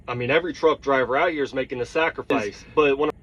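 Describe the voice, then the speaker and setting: A man's voice: medium pitch, fast, a bit bright, lo-fi sound. A truck driver telling a heated, blunt story, swearing and checking in with his listeners as he vents. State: tired. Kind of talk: storytelling vlog rant.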